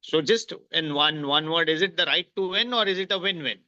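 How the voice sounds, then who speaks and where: Host, male, piercing bright tone, brief measured questions; dry, dull lo-fi call audio. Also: a little high, no echo. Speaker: interview host. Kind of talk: interviewing.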